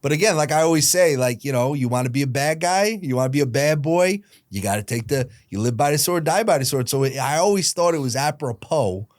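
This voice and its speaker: A man in his late thirties, a guest on a podcast, telling a personal story in a lively way and acting out the voices of the people in it. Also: fairly high pitch, no echo, studio quality. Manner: lively retelling, acting out quoted voices, quick asides. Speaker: guest, hockey team founder.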